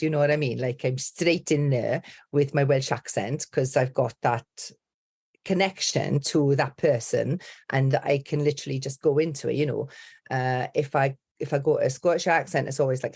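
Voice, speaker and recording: A woman's voice: very deep voice, normal speed, a little mellow, slightly rough. Upbeat woman dialect coach, chatty, emphatic, casual podcast guest.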